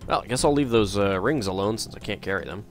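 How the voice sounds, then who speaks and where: A man casually commenting while playing a game, musing and hesitant with many pauses. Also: on the low side, faint music behind. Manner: musing, hesitant, lots of uhs. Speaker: let's player.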